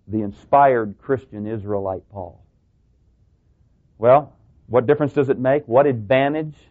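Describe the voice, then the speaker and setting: A man preaching a sermon to a congregation, talking through rhetorical questions and joking asides. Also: medium pitch. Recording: tinny phone-like sound.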